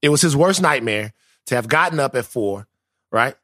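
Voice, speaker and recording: Guy cohosting a podcast, lively swoopy voice, cussing and joking, dead dry mic. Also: mid-range voice, normal speed, dry recording. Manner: animated, profane, joking. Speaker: podcast co-host. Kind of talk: casual podcast banter.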